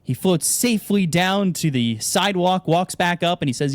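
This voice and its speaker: A man co-casting an esports stream, chatting casually and telling long jokes with acted-out voices. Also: moderate pace. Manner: animated, acts out joke characters with pitch jumps. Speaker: esports co-caster.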